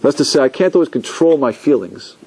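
Animated man giving a rabbi's lecture. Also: mid-range voice, brisk, slight background noise. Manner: animated, acts out inner voices and quotes. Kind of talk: Torah class lecture.

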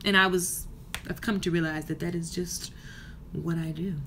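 Over a noisy background, a woman speaks at normal speed in a fairly low, steady voice. She's a hair stylist and business coach in her thirties, fired up and ranting casually to camera from a hotel room in a vlog.

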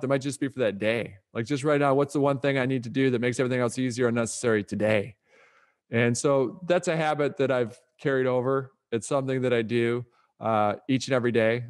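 A middle-aged man speaks as a guest author on a podcast interview. He talks in an upbeat, motivational way with brisk delivery, at an average pitch for a man.

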